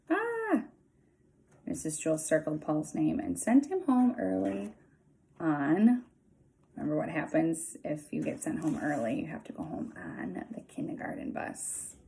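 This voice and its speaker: A woman's voice: lowish voice, creaky, mellow, a little hiss or hum. A woman reading a children's book aloud, stopping for casual, filler-heavy asides. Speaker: reader.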